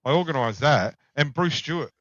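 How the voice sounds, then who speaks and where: A man's voice: fairly high pitch, animated, brisk, fairly bright tone, dry recording. A middle-aged Australian man, a podcast guest, telling blunt, profane anecdotes in casual chat. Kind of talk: casual storytelling. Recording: dull, dry lo-fi sound.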